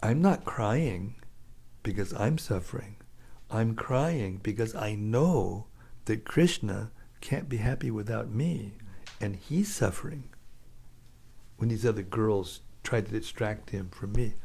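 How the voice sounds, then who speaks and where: A man's voice: fairly low pitch, animated, slow pace, creaky, a little mellow, husky, full character voice. A man voicing a young woman devotee who explains herself firmly, in his own plain voice.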